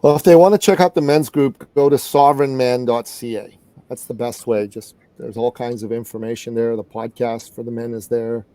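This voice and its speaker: A middle-aged man from Canada telling a story in an interview as a guest business coach, earnest and animated. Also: medium pitch, moderate pace, no echo.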